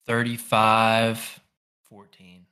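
A man's voice: on the low side, completely flat delivery, drawn-out words, pushed and bright, smooth, low-quality recording. A man as a podcast guest in casual chat, laid-back and tossing out short dry one-liners.

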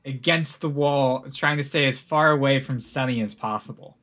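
A man running a tabletop game as game master, narrating with relaxed, halting delivery. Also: mid-range voice.

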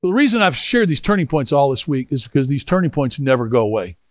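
A middle-aged man preaching a storytelling sermon, animated and rambling with frequent restarts, moving into prayer. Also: mid-range voice, quick pace, no room sound, studio quality. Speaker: pastor.

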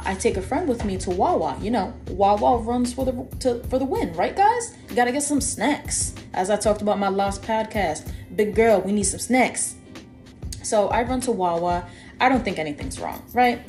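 A young woman co-hosting a podcast, telling a personal story in a lively, chatty way and talking straight to her listeners. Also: medium pitch. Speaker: podcast co-host. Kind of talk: casual storytelling.

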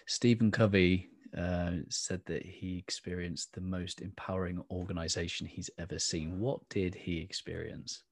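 A man's voice: low-pitched, level tone, normal speed, few pauses, no echo. A man hosting an interview, who asks his questions and murmurs agreement often. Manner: attentive, frequent murmured agreement. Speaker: podcast host.

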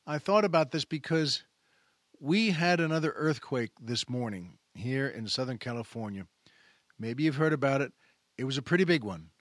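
A man's voice: mid-range voice, lively intonation, normal speed, dry recording, studio quality. A male host in a casual, folksy monologue, retelling a movie scene in detail and addressing listeners as folks. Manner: folksy, retells a film scene with acted quotes. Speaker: podcast host. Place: Southern California.

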